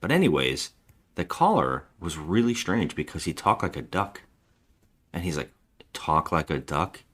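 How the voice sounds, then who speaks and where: A man's voice: deep voice, very animated, a little slow, a bit bright. A male podcast co-host in a casual movie-review chat, animatedly retelling scenes and acting them out with voices.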